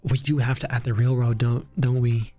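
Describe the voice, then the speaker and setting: A young man with a British accent chats casually on a live stream, thinking out loud as he works. His tone is self-mocking and talkative, his pitch sits in the middle, and soft music plays faintly under his voice. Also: flat delivery, moderate pace. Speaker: streamer building a theme park. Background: faint background music.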